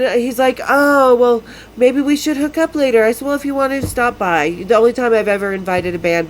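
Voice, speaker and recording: A woman's voice: fairly low pitch, slight background noise, rough recording. A woman in her fifties from Utah, hosting a podcast and telling a story casually, bluntly and with lots of swearing. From Salt Lake City, Utah. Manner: blunt, profane, laughs often. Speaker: podcast host.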